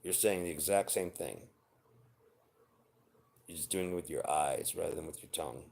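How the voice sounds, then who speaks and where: A very low-pitched man in his forties talks straight to his viewers about relationships. He is blunt and swears freely, but his advice comes across as earnest and heartfelt. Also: moderate pace, vocal fry, a little mellow. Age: 40s. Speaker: vlogger. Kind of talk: unscripted personal monologue.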